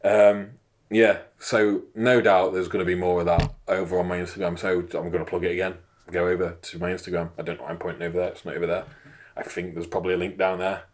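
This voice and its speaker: A man in his thirties co-hosting a laid-back fitness chat. He rambles, swears freely and pokes fun at himself. His voice sits a touch low. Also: flat delivery, quick pace. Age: 30s. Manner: rambling, sweary, self-mocking. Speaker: podcast co-host. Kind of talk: casual banter.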